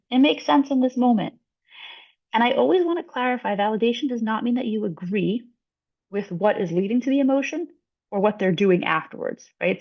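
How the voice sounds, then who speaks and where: A woman psychologist presenting a webinar, explaining clearly and acting out short example lines. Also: mid-range voice. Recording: dull lo-fi webinar audio.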